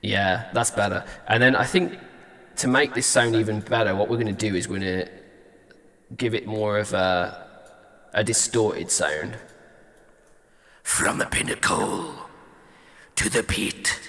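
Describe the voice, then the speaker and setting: A man's voice: on the low side, normal speed, a bit bright, big-room sound. A male singer-songwriter chatting casually as he reacts to a song and tests vocal ideas at a studio mic. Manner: thinks aloud, trying out vocal ideas.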